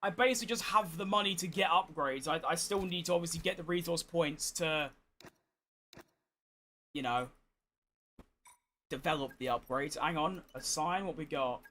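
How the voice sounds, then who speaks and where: Streamer, man, high-pitched, croaky and worn out, chatty, swearing, exasperated. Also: moderate pace, long pauses, sharp tone, slight background noise. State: hoarse, tired. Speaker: gaming streamer. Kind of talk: casual gameplay commentary.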